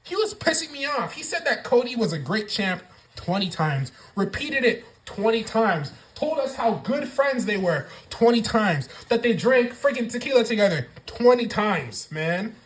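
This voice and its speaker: A woman reviews last night's wrestling in a casual, swear-filled rant. Her voice swings widely in pitch as she gets worked up, at a mid pitch overall. The room around her is echoey. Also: unhurried. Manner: profane, animated ranting.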